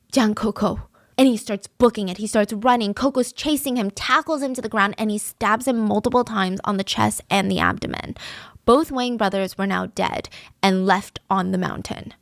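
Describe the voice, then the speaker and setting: A woman's voice: mid-range voice, no echo. A woman host narrating a true-crime story in a casual, conversational podcast manner, close to the mic.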